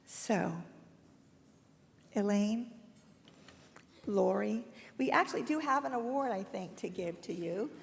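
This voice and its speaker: A woman's voice: medium pitch, expressive, takes it slowly, gravelly, long pauses, a little hiss or hum. A woman giving an emotional, chatty tribute speech and presenting an award at a hotel ballroom ceremony. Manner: warm, emotional, chatty storytelling. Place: hotel ballroom event, live stream. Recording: long hall reverb.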